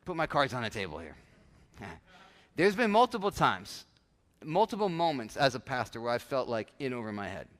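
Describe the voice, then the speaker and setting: A man's voice: mid-range voice, sing-song, moderate pace, a bit bright. A man, a pastor, preaching a conversational sermon with frequent restarts and acted-out asides. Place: church sanctuary. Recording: church hall with long reverb.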